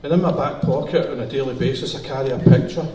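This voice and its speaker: A man's voice: mid-range voice, fast, warm tone. Bawdy Glaswegian man telling stand-up stories. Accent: Glaswegian Scottish. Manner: bawdy, swearing, conversational. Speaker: stand-up comedian. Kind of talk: stand-up comedy storytelling. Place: music hall. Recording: roomy hall from far off.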